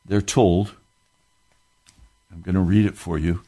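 A man's voice: sits low, little pitch movement, slow, mellow. A man preaching a sermon with impassioned delivery, from the United States, rising into fervent outbursts.

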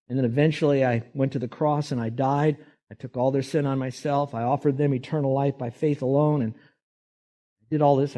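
A man voicing Jesus in a sermon anecdote, calm and matter-of-fact. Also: medium pitch, lightly acted. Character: calm, plain-spoken Jesus in a sermon story.

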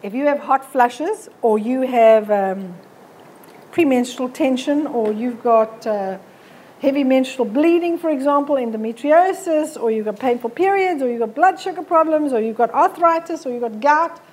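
A woman's voice: high-pitched, lively intonation, normal speed, a little mellow, a little hiss or hum. A middle-aged woman giving a frank, chatty health talk to an audience. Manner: frank, chatty, mimics people she describes. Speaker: nutrition speaker. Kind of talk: live motivational health talk.

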